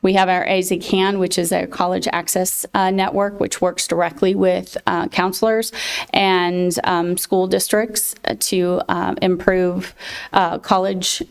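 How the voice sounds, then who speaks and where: A woman presenting her college access programs to a county board, speaking with many fillers and pauses. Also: lowish voice, flat delivery, creaky, clear, resonant tone. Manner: halting, many fillers, emotional thanks. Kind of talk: public presentation at a board meeting.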